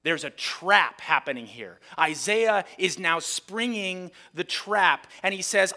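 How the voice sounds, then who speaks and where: Lively, bright-voiced male preacher. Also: high voice, slow pace, few pauses. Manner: animated preacher acting out crowd voices; reads scripture aloud dramatically. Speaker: pastor. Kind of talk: sermon.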